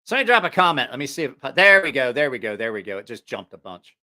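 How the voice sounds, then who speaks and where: Bright-voiced man telling rowdy stories. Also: medium pitch, big pitch swings, fast. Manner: profane rambling anecdotes with laughter. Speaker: livestream host. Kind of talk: casual storytelling livestream.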